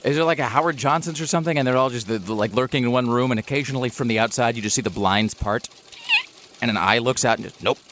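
A man's voice: medium pitch, quick pace, background noise. A man co-hosting a radio show, riffing on the news in a sarcastic, rambling way. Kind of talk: casual comedic chat.

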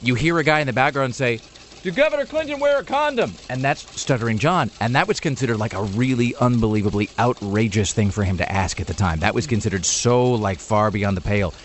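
A man hosting a talk radio show, riffing in quick, sardonic, rambling asides. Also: on the low side, a little hiss or hum. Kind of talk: irreverent talk radio banter. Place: radio studio.

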